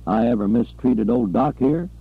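A man's voice: medium pitch, normal speed, creaky, slightly rough, phone-quality sound. A man playing a bullying, blustering captain. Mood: angry blustering. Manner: blustering, yelling, domineering. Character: angry, bullying older white captain.

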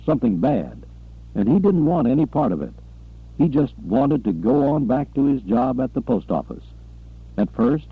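A man narrating an audiobook in a steady, even storytelling manner. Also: medium pitch, gravelly, husky. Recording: lo-fi tinny recording.

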